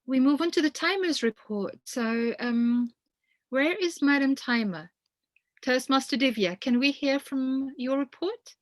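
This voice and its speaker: A woman's voice: sits high, a little slow, dry recording, rough recording. Polite woman chairing an online meeting. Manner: polite, orderly, with filler sounds. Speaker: meeting host. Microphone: video call.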